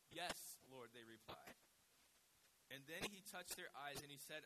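A man preaching a sermon as a pastor, telling the story with animated delivery and acting out voices and calls. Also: medium pitch, normal speed. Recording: hissy recording.

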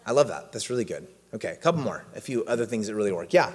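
A man's voice: lowish voice, expressive, rapid-fire, darkish tone, slightly rough. A man preaching casually to a congregation, telling a family story with humor and asking the room questions. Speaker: pastor. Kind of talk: sermon with audience interaction. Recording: hall reverb.

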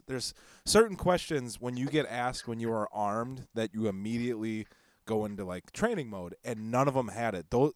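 A man's voice: medium pitch, no room sound, studio quality. A man in a casual chat who laughs often and adds remarks to his friend's story.

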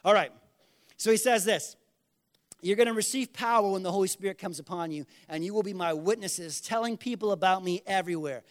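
High-voiced man preaching a lively sermon. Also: a little fast. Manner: conversational, animated preaching with acted-out quotes; calls the congregation to respond. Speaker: pastor.

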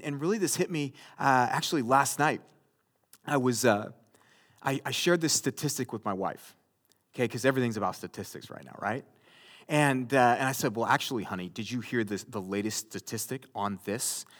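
A man with a high voice preaches to a congregation. He talks casually and directly to the room, and now and then gets louder and more emphatic. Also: normal speed. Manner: conversational preaching, rising to loud emphatic bursts. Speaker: pastor. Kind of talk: sermon.

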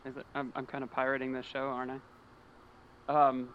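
A man co-hosting a casual podcast, recapping a book's plot quickly and dropping wry asides. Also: medium pitch, completely flat delivery, lo-fi sound. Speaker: podcast co-host summarizing a book.

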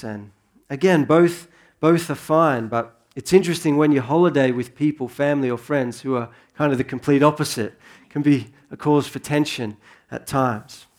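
A man in his thirties preaching a sermon in a relaxed, conversational way that rises into earnest emphasis. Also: medium pitch. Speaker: pastor.

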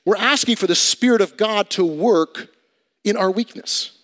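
A pastor preaching a sermon in a conversational way, swinging between loud emphatic bursts and quiet asides. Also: male voice, moderate pace. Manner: conversational preaching with dramatic swings in volume and pitch.

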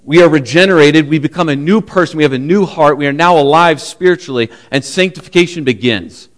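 A man with a slightly higher voice, delivering a sermon. He tells stories earnestly and confessionally, then teaches from scripture in a sincere tone. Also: brisk. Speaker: preacher.

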